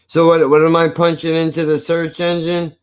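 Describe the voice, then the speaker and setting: A man's voice: fairly high pitch, completely flat delivery, normal speed, clear, resonant tone. A man giving casual, rambling reaction commentary while he searches for videos, crude and laid-back. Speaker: watch-along streamer.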